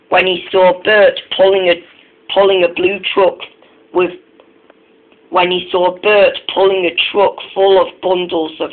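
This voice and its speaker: A man narrating a storybook tale, speaking haltingly and often restarting his sentences, on a tinny, phone-like recording. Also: high-pitched.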